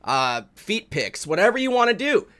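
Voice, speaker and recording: A man co-hosting an underground music review stream in crude, profane banter, swinging between low mutters and sudden yelled outbursts. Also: very animated, normal speed. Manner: loud, swearing, drops to low mutters, yells outbursts. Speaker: co-host of an indie music review show.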